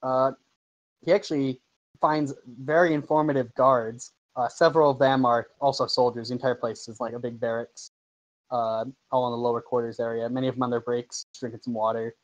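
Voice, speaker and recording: A man's voice: mid-range voice, level tone, fairly quick, low-quality recording. A man running a tabletop game as game master, narrating loosely with many fillers and restarts. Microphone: home microphone over an online call.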